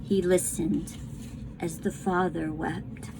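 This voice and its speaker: A woman reading a children's book aloud to a class, tender and unhurried. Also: on the low side, steady tone, gravelly, darkish tone, slight background noise, low-quality recording. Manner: slow, tender storytelling.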